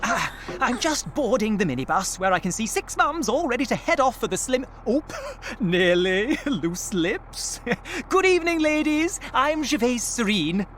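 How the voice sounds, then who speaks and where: A man's voice: very high-pitched, very animated, measured pace, a bit bright, a little hiss or hum, exaggerated voice. An actor playing a prim, genteel male documentary presenter in a comedy radio play, plummy and twee in manner. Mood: chirpy. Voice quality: plummy and quaint. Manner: twee, exclamatory and fussy.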